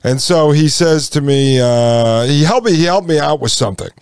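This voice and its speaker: A man in his forties hosts a podcast, telling a personal story in a rambling, folksy monologue and addressing his listeners as folks. His fairly high voice is expressive, smooth, and a little mellow, at normal speed. The recording is dry and of studio quality.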